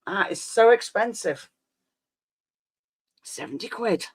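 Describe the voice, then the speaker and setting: A woman's voice: mid-range voice, expressive, slow pace, breathy edge. A woman in her fifties, a live streamer rambling and reminiscing in casual chat with her viewers, often trailing off.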